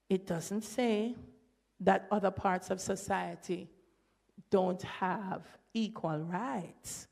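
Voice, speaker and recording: A woman with a Jamaican accent giving an academic presentation at a symposium, breaking into lively patois quotes. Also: mid-range voice, gravelly. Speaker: symposium speaker. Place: lecture hall.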